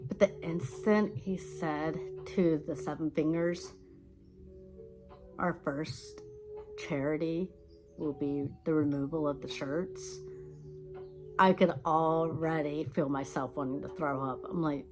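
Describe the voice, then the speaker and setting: Chatty woman vlogger, lowish voice. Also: slow, music in the background, poor audio. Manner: rambling, animated storytelling with laughs. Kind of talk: casual chat.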